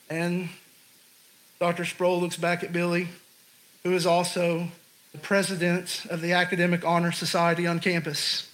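High-voiced man preaching a sermon. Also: steady tone, a bit bright, rough recording. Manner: storytelling, slows for emphasis on key phrases.

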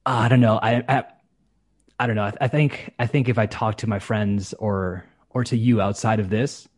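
This man, an English teacher, has a lowish voice and a moderate pace as he chats casually on a podcast. He's animated, voicing quoted speech with shifting voices.

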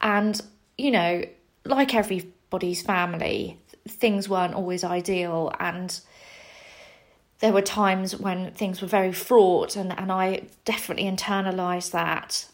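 A woman's voice: medium pitch, unhurried. Candid woman telling her story. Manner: candid and self-deprecating, animated when quoting herself. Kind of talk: personal storytelling.

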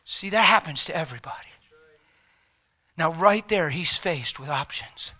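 Male pastor, sermon, animated storyteller, high and very bright voice. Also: moderate pace, long pauses.

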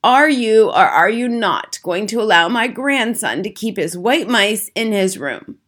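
A woman's voice: mid-range voice, lively intonation, measured pace, a bit bright. A woman voicing a stern, feisty old grandmother in a storybook reading, blunt and relentless as she argues. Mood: indignant.

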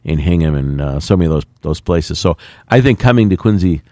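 A man's voice: sits low, animated, fairly quick, darkish tone, no room sound, studio quality. A middle-aged man, a mayor speaking in a plainspoken, folksy way with plenty of fillers. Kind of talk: radio interview talk.

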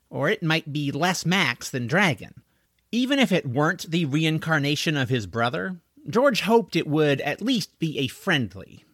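A man narrating a middle-grade novel in an expressive, scripted audiobook reading. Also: medium pitch, no room sound, clean studio sound.

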